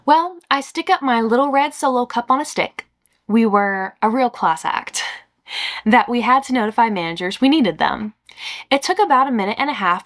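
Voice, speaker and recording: A woman hosting a podcast, reading a story aloud in a casual, expressive manner. Her voice sits at a middle pitch, and she breaks in now and then with chatty asides of her own. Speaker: podcast host.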